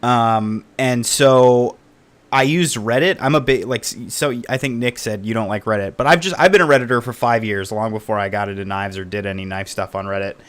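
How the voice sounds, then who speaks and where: A man's voice: medium pitch, brisk, fairly bright tone, clean tone. A man as a podcast guest, telling his story in a rambling way with many fillers. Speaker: podcast guest, knife collector. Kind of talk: casual podcast interview.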